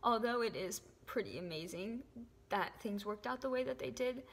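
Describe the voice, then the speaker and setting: A young woman gives an earnest, emotional faith testimony to camera, often dropping to a soft whisper. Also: on the high side, moderate pace, gravelly, husky. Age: young adult. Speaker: faith vlogger. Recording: echoey room with long reverb.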